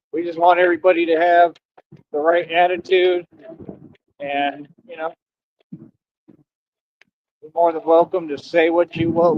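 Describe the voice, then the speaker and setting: A man's voice: fairly high pitch, muffled recording. A man hosting a casual livestream, laid-back and teasing, repeating his phrases and laughing often. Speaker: livestream host.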